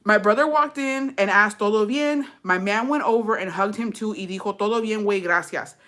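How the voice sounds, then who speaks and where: A woman's voice: mid-range voice, a little fast, fairly bright tone. A young woman reading a storytime aloud in slangy, profane English with Spanish mixed in, breaking off to laugh and comment.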